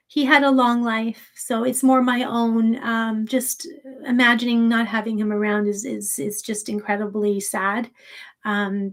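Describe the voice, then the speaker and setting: A woman hosting a livestream, chatting casually with viewers in a soft, rambling way, grieving and holding back tears. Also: on the high side. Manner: soft-spoken, rambling with many restarts. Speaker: sleep story channel host.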